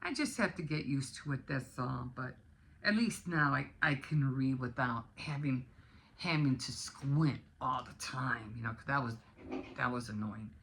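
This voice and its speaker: A woman's voice: extremely low pitch, unhurried, a bit bright, a little hiss or hum. A middle-aged woman vlogging in a rambling, chatty way, often restarting her sentences. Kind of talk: casual vlog chat.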